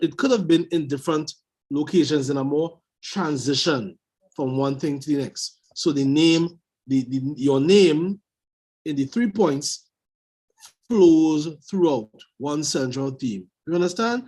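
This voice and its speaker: A man's voice: on the high side, darkish tone, husky. A man evaluating a speech on a video call, emphatic and repeating his key advice.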